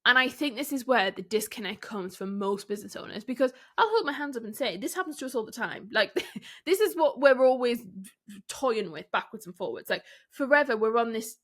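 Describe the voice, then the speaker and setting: A fairly high-pitched woman talks straight to her listeners as a business coach. Her delivery is candid and direct, full of rhetorical questions and light laughs. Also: expressive, brisk. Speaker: podcast host and business coach. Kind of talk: solo podcast coaching talk.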